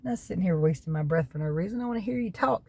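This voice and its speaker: A woman's voice: lowish voice, vocal fry, a little mellow, slightly rough, no echo. A middle-aged woman from North Carolina with a Southern accent, chatting casually to her viewers, folksy and rambling off on tangents, coughing now and then from allergies. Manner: folksy, laughs between remarks. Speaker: keto diet vlogger. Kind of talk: casual chat to camera.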